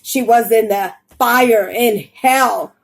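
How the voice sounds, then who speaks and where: A woman's voice: on the high side, slow pace, vocal fry, low-quality recording. A woman preaching fervently from a Bible reading, urging her listeners with repeated warnings. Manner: fervent, urgent, repetitive warnings.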